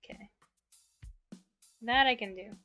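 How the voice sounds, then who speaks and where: Taking it slowly in a slightly high voice, a young woman streamer chats casually and laughs often between sentences. She speaks very close into her mic, the highs sound cut off, and soft music plays behind her.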